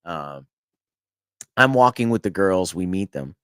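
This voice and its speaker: A podcast host with a smooth, low-pitched voice tells a long story in an unhurried, casual way, animatedly restarting sentences, swearing, and laughing as he goes. The recording is dry and of studio quality.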